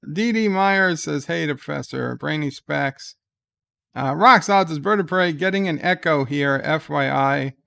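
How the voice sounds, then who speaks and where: A man's voice: fairly high pitch, vocal fry, fairly bright tone. A weary man hosting a casual livestream at home, reading viewer comments aloud with wry asides. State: exhausted. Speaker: livestream host. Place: at home in bed.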